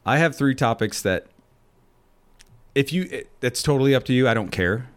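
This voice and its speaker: A man's voice: mid-range voice, animated, normal speed. A man hosting a casual podcast, loose and laughing as he drinks shots with a guest. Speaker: podcast host. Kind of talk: casual chat.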